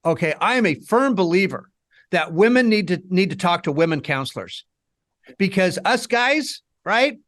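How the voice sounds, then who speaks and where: A man's voice: high voice, lively intonation, normal speed, a bit bright, no room sound. A man co-hosting a recovery-group interview, speaking emphatically with stammered starts. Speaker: co-host, founder of recovery group. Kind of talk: casual interview chat.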